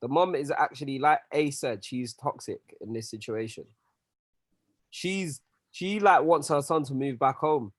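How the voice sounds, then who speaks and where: A man's voice: mid-range voice, measured pace, no room sound. A man, co-hosting a casual podcast chat and giving firm opinions in plain, level talk. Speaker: podcast co-host.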